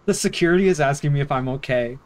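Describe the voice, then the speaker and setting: Low-voiced giggly young woman. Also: fast, darkish tone. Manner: giggly, teasing banter. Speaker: game player. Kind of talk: casual voice chat while roleplaying.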